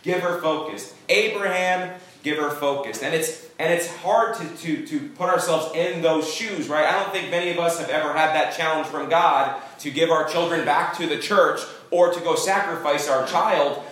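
A man's voice: on the high side, normal speed, fairly bright tone. Preaching man in an echoey church. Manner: emphatic preaching with call-and-response. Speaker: pastor. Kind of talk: sermon. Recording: echoey church room, distant mic.

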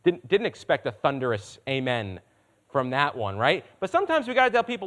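A man preaching a sermon in a conversational way, checking in with his congregation and swinging between quiet asides and loud emphatic lines. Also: fairly high pitch, very animated, a little fast. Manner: conversational, asks the room for responses. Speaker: pastor.

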